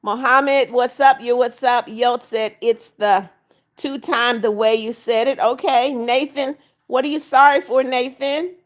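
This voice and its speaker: An older woman with a fairly high voice hosts a live stream, reading viewers' comments aloud at a steady, slightly slow pace and greeting each person by name. When someone breaks her rules, she becomes firm and scolding.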